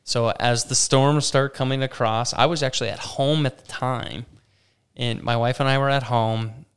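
Young guy as a guest, smooth clear voice, talks animated, lots of "like"s. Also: medium pitch, moderate pace. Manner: animated, retells with quoted voices and many "like"s. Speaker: guest, campground operations manager. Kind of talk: conversational storytelling.

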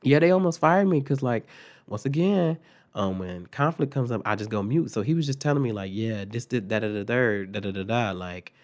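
A young man telling a story from his childhood in a casual, profane, exasperated rant, jumping between loud outbursts and low mutters. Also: brisk. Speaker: vlogger.

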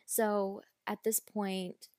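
A woman's voice: medium pitch, flat delivery, extremely slow, a little mellow, no room sound, studio quality. A woman hosting a casual true-crime podcast, telling the story bluntly with swearing and indignant asides. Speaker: podcast host.

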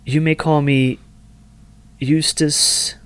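A man playing a cautious, well-mannered young gentleman who speaks formally, with hesitant stumbles. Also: fairly high pitch, level tone, drawn-out words, clear, resonant tone, voice pushed up. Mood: polite.

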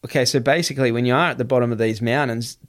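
A man's voice: medium pitch, fairly even intonation. A man telling a wild story in casual chat, swearing often and running his sentences together. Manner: swears freely, quick run-on telling. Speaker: guest.

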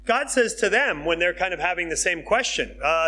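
Male pastor, fairly high, bright voice, lively emphatic sermon delivery, faint noise behind. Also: normal speed, hardly any pauses. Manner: emphatic, conversational preaching that swings between hushed and excited.

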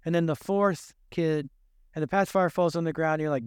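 High-voiced man preaching earnestly. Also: normal speed, clean tone, no room sound, clean studio sound. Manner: earnest, conversational preaching with rhetorical questions. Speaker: pastor. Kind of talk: sermon.

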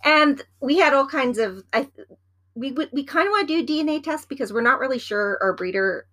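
A woman's voice: high-pitched, expressive, fairly quick, fairly bright tone. A woman co-hosting a casual chat, rambling and teasing as she gives practical advice about pets. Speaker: podcast co-host.

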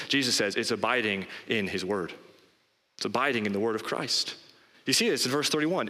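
A man preaching a sermon as pastor, emphatic and rising in pitch on key phrases. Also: a little fast, sharp tone. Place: church sanctuary. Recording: long hall reverb.

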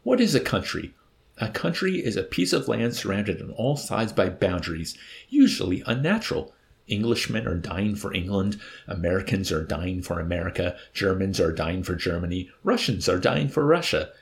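A man's voice: sits low, sing-song, moderate pace, gravelly, full character voice. A man voicing a suave, mocking villainous old man in an audiobook. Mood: wry. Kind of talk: audiobook character voice.

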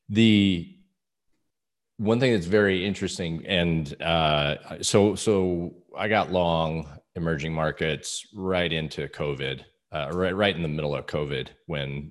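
A man hosting a podcast interview, chatting casually with halting delivery and lots of ums. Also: deep voice, a bit bright. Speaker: podcast host.

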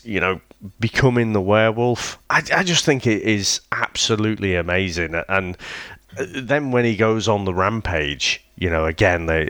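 A man's voice: on the low side, a bit bright, dry recording, studio quality. A man co-hosting a casual film review chat, enthusiastic and often restarting his sentences. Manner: enthusiastic, halting with frequent restarts. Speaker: podcast co-host.

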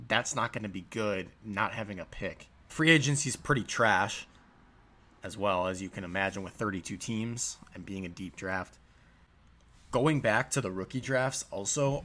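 A man's voice: medium pitch, a bit bright. A young man telling stories in a casual monologue as a league commissioner, with a sarcastic, mocking manner. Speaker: fantasy football league commissioner.

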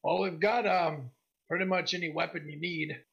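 A man voicing a gruff, blunt woman in her mid-thirties who trades weapons, in a gravelly voice. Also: a little high, steady tone, normal speed, a bit bright. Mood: casual. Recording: dull lo-fi recording.

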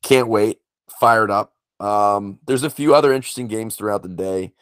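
Male co-host, low voice, rambling excitable fan chatter, dry sound. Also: moderate pace, smooth, no room sound. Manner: rambling, emotional fan talk with restarts. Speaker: podcast co-host. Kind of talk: casual sports betting chat.

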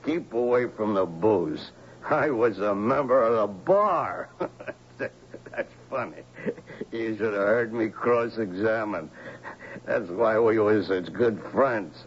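A half-mad drunk, a former lawyer, who stammers and rambles, his pitch swinging wildly from one phrase to the next. Old radio-play sound, a little dull, with faint hiss. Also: lively intonation, slow pace. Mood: rambling. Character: rambling alcoholic male ex-lawyer, shaky and confused. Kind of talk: 1970s radio drama acting.

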